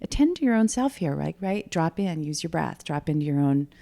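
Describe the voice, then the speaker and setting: A middle-aged woman telling teammates about her triathlon in casual chat, animated and laughing as she goes. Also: low-pitched, a little fast, vocal fry. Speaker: triathlete guest. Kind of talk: casual race recap chat.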